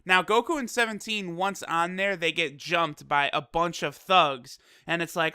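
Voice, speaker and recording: Casual anime reviewer, bright tone, dry close sound, chatty and loose, swears a lot. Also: mid-range voice, steady tone, unhurried, hardly any pauses, smooth, no echo. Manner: loose, full of fillers like "you know". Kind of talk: casual episode recap and review.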